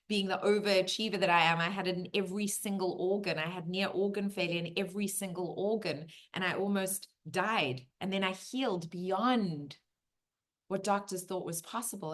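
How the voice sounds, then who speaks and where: A woman giving a motivational masterclass, animated and storytelling, with bursts of laughter and quiet moments. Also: lowish voice. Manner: animated, laughs and drops to a hush for heavy moments. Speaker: masterclass speaker.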